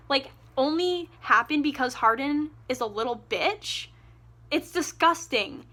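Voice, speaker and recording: A woman's voice: high-pitched, unhurried, pushed and bright. A woman reviewing a book on her vlog, exasperated and sarcastic, with lots of "like" and asides. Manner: exasperated, sarcastic, heavy use of "like".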